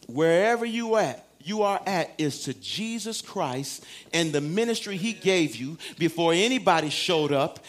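A man preaching a sermon in a church, swinging from shouts to hushed tones and acting out quoted voices. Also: sits high.

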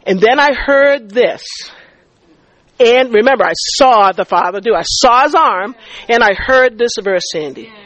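A woman's voice: on the high side, a little slow, no echo, poor audio. A middle-aged woman giving a faith testimony and teaching, telling her story vividly and acting out the dialogue. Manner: animated storyteller who acts out dialogue and stammers in excitement. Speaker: speaker teaching a faith group.

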